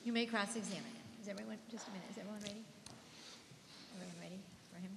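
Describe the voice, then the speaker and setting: A woman acting as judge in a mock trial, giving brisk, quick rulings. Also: medium pitch, creaky. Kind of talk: courtroom rulings. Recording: distant, echoey, noisy hall.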